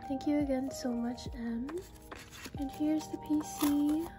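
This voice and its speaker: A young woman vlogging an unboxing haul, gushing and excitable with breathy exclamations. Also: sits high, takes it slowly. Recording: background music.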